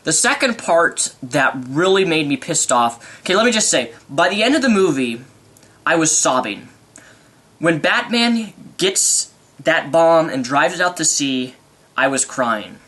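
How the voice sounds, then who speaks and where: A young man rambling excitedly through an unscripted movie review vlog. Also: a little high, measured pace.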